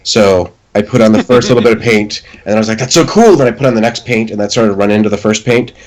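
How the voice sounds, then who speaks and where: Deep-voiced man giving painting tips. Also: fast talker, poor audio. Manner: relaxed, advisory, self-deprecating humor. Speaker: podcast host giving miniature painting advice. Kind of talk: casual chat.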